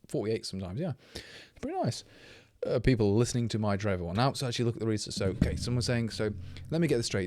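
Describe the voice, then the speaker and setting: A man's voice: mid-range voice, darkish tone, dry recording. A man, a little tipsy from drinking, thinking aloud and correcting himself as he talks through live coding. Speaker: programmer streaming live.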